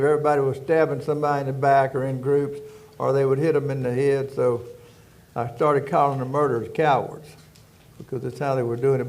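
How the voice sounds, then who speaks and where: A man's voice: medium pitch, darkish tone. An older man from Louisiana with a rural Southern accent, telling stories as an interview guest in a folksy, rambling way, often circling back with "anyway.". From Louisiana, United States. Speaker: guest, former prison warden. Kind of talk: storytelling interview.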